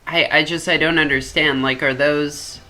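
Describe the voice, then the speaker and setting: A man with a bright, crisp voice puzzling over a movie out loud. He asks question after question, padding every phrase with fillers in a loose, casual way. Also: fairly high pitch, steady tone, moderate pace. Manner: questioning, filler-heavy, riddled with "like". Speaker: podcast co-host. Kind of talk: casual movie riffing commentary.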